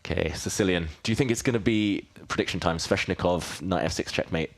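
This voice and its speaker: Deep-voiced man hosting a chess stream. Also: brisk. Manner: upbeat, teasing, addresses the chat. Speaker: chess commentator and host. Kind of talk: live stream commentary. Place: studio.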